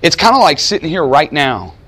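A man's voice: a little high, big pitch swings, brisk, a bit bright. Conversational man preaching a sermon. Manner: conversational, emphatic, voices quoted figures. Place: chapel or lecture room with audience.

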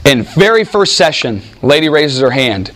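A man leads a church study group, telling stories and acting out what people said to him. His voice sits a little high for a man. He talks in an animated, off-the-cuff way and often breaks off and restarts his sentences. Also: normal speed. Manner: animated, with frequent restarts and acted-out quotes. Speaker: Bible teacher. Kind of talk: informal teaching talk with anecdotes.

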